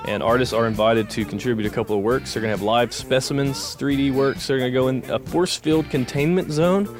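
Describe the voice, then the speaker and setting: A man hosting a casual podcast, talking in a relaxed, loose way and laughing often. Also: mid-range voice, a little fast, music in the background. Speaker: podcast host. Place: podcast studio.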